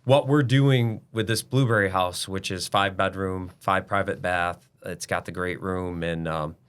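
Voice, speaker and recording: A man's voice: sits low, fairly even intonation, a little slow, a bit bright, clean tone. A middle-aged man, a business owner guest, talking bluntly and emphatically in a casual interview, now and then swearing.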